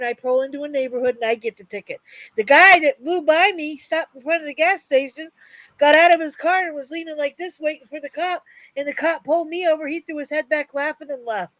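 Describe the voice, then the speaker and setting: A woman hosting a casual chat, telling drawling stories. Her voice sits high and sounds dry and close, with no room around it. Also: dry recording, poor audio. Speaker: host.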